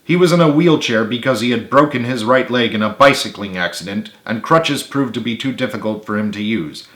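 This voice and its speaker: Man, author narrating storybook, steady read-aloud, mid pitch, roomy echo. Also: fairly quick. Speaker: author reading his book.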